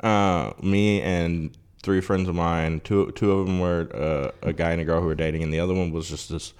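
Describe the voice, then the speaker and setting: A man's voice: deep voice, steady tone, moderate pace, darkish tone, clean tone. A man co-hosting a podcast in casual chat, telling stories in a laid-back way and laughing easily. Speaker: podcast co-host.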